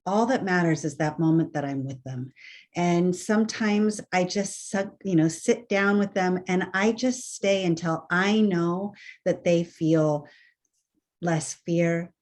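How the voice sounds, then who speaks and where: Candid woman, slightly low voice. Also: slow pace. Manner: candid, self-deprecating, warm. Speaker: hospice worker, guest. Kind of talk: casual conversation.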